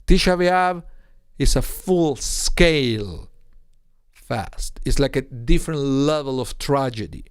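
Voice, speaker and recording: A man's voice: medium pitch, takes it slowly, clear, resonant tone, dry recording, studio quality. A man, a rabbi, giving an informal online Torah lesson, explaining with rhetorical questions and acting out quotes. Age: adult with a young son. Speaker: rabbi teaching a weekly Torah class.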